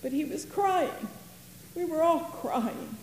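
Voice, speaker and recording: A woman's voice: sits high, lively intonation, takes it slowly, a little hiss or hum, heavily acted. A woman playing a grieving biblical sister in a first-person dramatic monologue, earnest and emotional. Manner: earnest and emotional, dwelling on words. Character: grieving woman, sister of Lazarus, fond of tidiness. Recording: roomy hall reverb, faint ambience.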